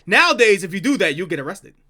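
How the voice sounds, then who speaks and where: A man's voice: high-pitched, big pitch swings, quick pace, pushed and bright. A man streaming, reacting to old prank calls with casual, laid-back commentary and chatty asides.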